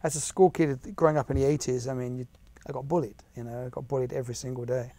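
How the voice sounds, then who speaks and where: A man in his forties from England, an actor and writer, talks casually as an interview guest, often restarting and repeating himself in a chatty way. His mid-range voice is fast and warm, with a flat delivery.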